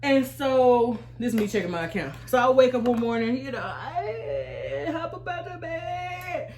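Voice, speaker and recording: Animated, high-voiced storytelling woman. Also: a little slow, creaky, crowd noise. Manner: animated, expressive, acts out her own reactions. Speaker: YouTuber and Army veteran. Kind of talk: storytime vlog.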